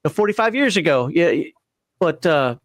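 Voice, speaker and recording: A man in his fifties with a high voice, from Minnesota, talking on a panel in a very dry, close sound. He rambles along and cracks jokes. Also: sing-song, unhurried, no room sound. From Minnesota, USA. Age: 50s. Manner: rambling, jokey, laughs at his own asides. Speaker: podcast panelist. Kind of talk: casual panel chat.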